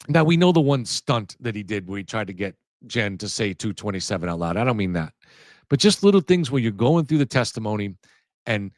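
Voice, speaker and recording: A man's voice: on the low side, no room sound, clean studio sound. Rambling man hosting a livestream. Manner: rambling, restarts mid-sentence, chats with viewers. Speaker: livestream host. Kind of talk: casual livestream commentary.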